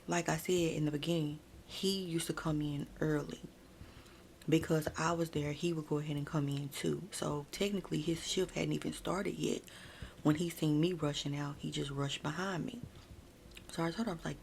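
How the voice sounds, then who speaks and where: Woman, casual ASMR storytime, low voice, fry in the tone, chatty with lots of "like", close mic. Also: fairly even intonation, normal speed, darkish tone, a little hiss or hum. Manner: chatty, frequent "like" and "y'all"; addresses viewers directly.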